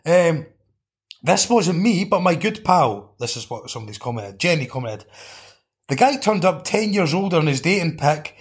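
A man's voice: a little high, sing-song, normal speed. A Scottish man hosting a podcast, swearing and riffing jokingly as he reads out listeners' comments. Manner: sweary, joking riffs while reading out comments. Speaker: podcast host. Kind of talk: casual comedic chat.

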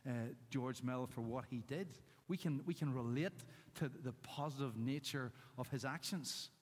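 A man gives a sermon in a storytelling way, landing short one-word emphases between anecdotes. His voice sits a little high for a man. The sound carries a long reverb from the church hall. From Northern Ireland. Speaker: preacher.

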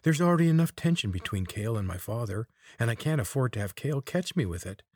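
A man's voice: mid-range voice, expressive, fast talker, darkish tone, no echo, studio quality, pitched above the performer's own voice, close to an everyday voice. A man voicing a bossy young woman scout who speaks in an urgent, hissing way. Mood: urgent, sly.

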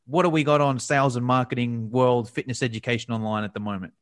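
A man's voice: medium pitch, steady tone, fast. A man hosting a podcast, chatting casually and laughing easily while interviewing a guest on a remote call. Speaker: podcast host.

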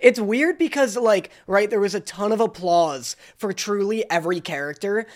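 A man's voice: sits high, normal speed. Wry man venting on a podcast. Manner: wry, mock-outraged storytelling. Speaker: podcast co-host. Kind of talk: casual podcast chat.

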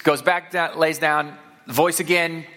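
A man's voice: fairly high pitch, steady tone, sharp tone. A man from the Saint Louis area preaching a sermon to his church in a conversational way, with fillers and repeated words. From Saint Louis area, Missouri. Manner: reads scripture aloud, slowing for emphasis. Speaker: pastor.

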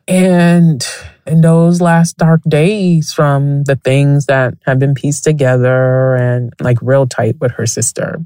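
A woman with a low voice hosts a podcast in a casual storytelling monologue. She talks frankly, swears freely and laughs often as she goes. The sound is dry and close. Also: steady tone, unhurried, dark tone, no room sound. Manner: frank and profane, laughs often while telling stories. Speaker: podcast host.

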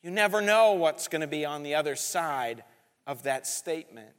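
A man preaching a sermon as pastor, telling a lively story. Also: a little high, normal speed, clean tone. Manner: storytelling, animated. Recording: reverberant church hall.

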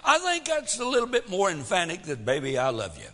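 A man's voice: sits high, wildly swooping pitch, a little fast, a bit bright, in a large hall. A man preaching a sermon as pastor, folksy, full of rhetorical questions, swelling and dropping for drama.

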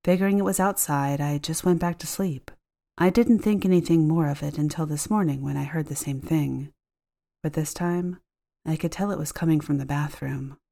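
A woman voicing a sick, sleepy homeowner who is uneasy and lonely, speaking softly and hesitantly. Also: low-pitched, normal speed, vocal fry. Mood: uneasy, hushed. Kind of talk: audiobook character voice.

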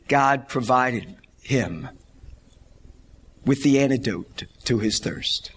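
A man's voice: on the high side, fairly bright tone. A middle-aged man preaching a sermon, telling stories animatedly and laughing along. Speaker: pastor.

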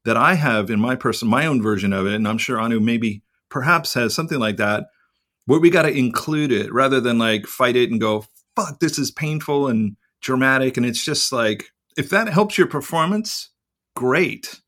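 A man's voice: medium pitch, expressive, normal speed, a bit bright. A man co-hosting a podcast in casual chat, rambling and reflective and swearing freely. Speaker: podcast co-host.

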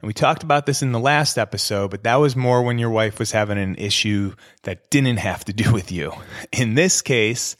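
A man with a fairly low voice talks straight to his listeners in a casual coaching tone, like a podcast host walking them through advice. The sound is dry and close, with no room around it. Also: normal speed, no echo.

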